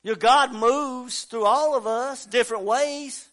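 A man preaching a fervent sermon, swinging between quiet talk and shouting. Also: extremely high pitch, takes it slowly. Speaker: pastor.

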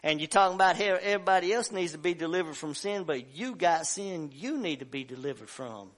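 A man preaches a sermon from the pulpit of a church. His voice is high and bright. He acts out the voices of the story and builds at times to full shouts. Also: lively intonation, brisk. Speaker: pastor. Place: church sanctuary.

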